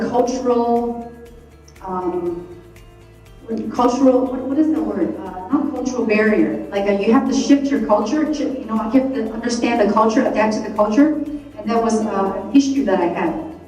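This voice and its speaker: A high-voiced woman giving a motivational talk to a live audience. She is animated and acts out the scolding voice in her head. The sound is heavily echoey, picked up from a distance in the hall, with faint music behind. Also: normal speed. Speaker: speaker.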